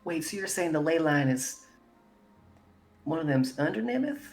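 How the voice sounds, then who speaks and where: Woman, very low voice, casual tabletop player, wry, swears freely. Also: very animated, normal speed, a little mellow. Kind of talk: casual tabletop game chat.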